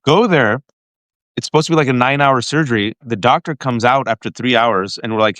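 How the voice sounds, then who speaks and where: Male host, mid-pitched, dry close sound, emotional storyteller who restarts often. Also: fairly quick, no echo. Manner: animated, emotional, frequent restarts and direct address to the guest. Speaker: podcast host. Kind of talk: heartfelt personal storytelling to a guest.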